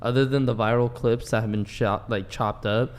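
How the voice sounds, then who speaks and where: A man's voice: medium pitch, fairly even intonation, moderate pace. A man on a dating talk panel, giving his opinion in a rambling way with lots of "like.". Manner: rambling, filler-heavy, full of "like". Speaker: panel guest. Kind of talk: casual opinion chat.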